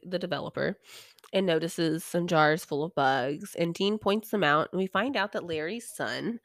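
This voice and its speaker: A woman's voice: lowish voice, dry recording, studio quality. A young woman hosting a podcast, casually recapping a TV episode in a chatty, irreverent way, swearing freely and sighing now and then. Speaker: podcast host.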